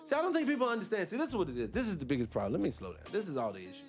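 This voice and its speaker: A man's voice: rapid-fire, faint music behind. A man with a Black American accent, giving heated, profane reaction commentary as a channel host. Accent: Black American English. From United States. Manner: profane, animated, swinging between loud and low.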